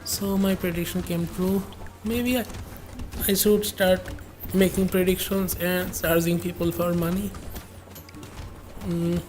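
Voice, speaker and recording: A woman narrating her own gameplay on a livestream. Her delivery is unhurried and level, with little rise or fall. She muses aloud and drifts into rambling asides to her chat while faint game music plays underneath. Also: fairly low pitch, fairly even intonation, a little mellow. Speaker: game streamer.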